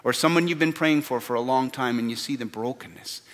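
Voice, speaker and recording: A man's voice: mid-range voice, a little fast, fairly bright tone. A man preaching a sermon as pastor, earnest and repeating words for stress. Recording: long hall reverb.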